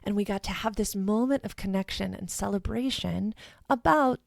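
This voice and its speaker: A woman's voice: medium pitch, normal speed, vocal fry, no echo, studio quality. A woman guest on a podcast interview, speaking in an earnest, flowing, heartfelt way. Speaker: guest, sexuality educator.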